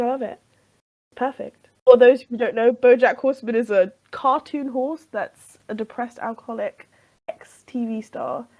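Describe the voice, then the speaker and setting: A woman co-hosting a casual podcast chat, talking in a wry, expressive way. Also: a little high, highs cut off. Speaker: podcast co-host.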